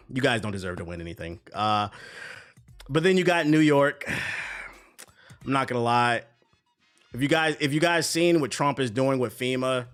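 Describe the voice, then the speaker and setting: Guy on a stream going off, swears a lot, laughs at his own takes, medium pitch voice, faint music behind. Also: a bit bright. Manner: blunt, profane ranting with frequent laughs. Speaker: livestream host. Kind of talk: casual stream chat.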